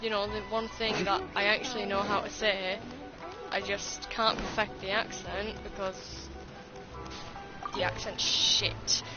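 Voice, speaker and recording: A woman's voice: medium pitch, level tone, measured pace. A British woman with a Scottish tinge to her accent, chatting casually and swearing freely as she streams a game. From United Kingdom. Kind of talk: casual gaming stream chat. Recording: slightly dull stream audio with game music.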